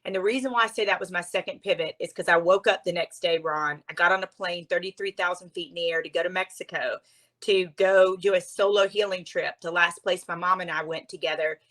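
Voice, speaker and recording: A woman from Louisiana, a guest author and speaker, telling her story in an expressive, earnest conversational way. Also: lowish voice, a little fast, low-quality recording.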